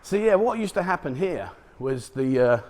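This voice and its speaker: A man's voice: on the high side, very animated, normal speed, darkish tone. A middle-aged man, a vlogger, chatting and joking as he walks outdoors along a city street at dawn, recorded on a handheld camera. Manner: chatty, joking, chuckles at his own remarks. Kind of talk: walk-and-talk street vlog.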